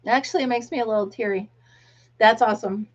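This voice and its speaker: A woman's voice: fairly high pitch, quick pace. A middle-aged American woman hosting a casual live chat, reading viewer comments aloud and laughing often. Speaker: livestream host. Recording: dull lo-fi livestream audio.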